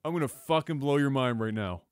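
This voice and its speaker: A man co-hosting a podcast, trading crude, profane banter that gets loud and animated when he's excited. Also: medium pitch, brisk, clear, resonant tone, dry recording. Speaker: podcast co-host.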